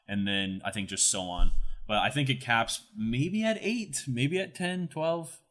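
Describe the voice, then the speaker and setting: A man's voice: medium pitch, lively intonation, a little slow, fairly bright tone. A young man co-hosting an esports news recap, talking casually with lots of fillers and restarts. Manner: chatty, many fillers and restarts. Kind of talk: casual chat.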